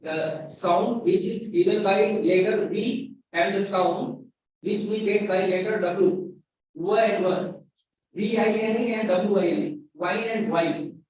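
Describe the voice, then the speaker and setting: A man's voice: high voice, a little slow, a little mellow, slight background noise. A man with an Indian English accent teaching a pronunciation lesson, spelling out words letter by letter and repeating each one. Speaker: university lecturer. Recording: dull echoey room from far off.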